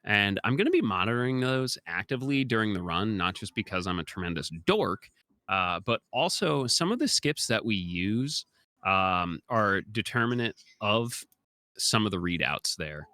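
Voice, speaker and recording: A man's voice: lowish voice, expressive, moderate pace, sharp tone, dry recording. A young man giving chatty, explanatory live commentary during a speedrun, with many filler ums.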